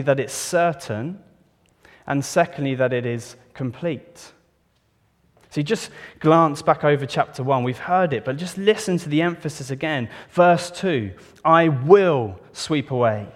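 A man preaching a sermon in a church, reading scripture solemnly and putting earnest questions to his listeners. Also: a little high. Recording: long reverb of a church hall.

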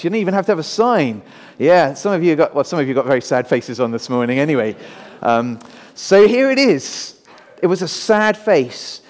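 A pastor in middle age tells a story to the children in his congregation and keeps asking them questions. His voice sits high for a man. A long echo from the big church hall follows his words. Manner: animated, questioning the audience. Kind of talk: children's talk in a sermon. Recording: long reverb of a large hall.

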